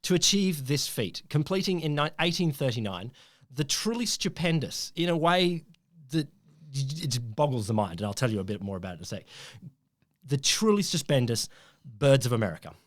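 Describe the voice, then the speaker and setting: A middle-aged man with an Australian accent chats through a story on a science podcast. His pitch swings widely and he often trips over words before correcting himself. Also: animated, moderate pace. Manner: rambling, self-correcting, chuckling storyteller. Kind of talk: casual science podcast chat.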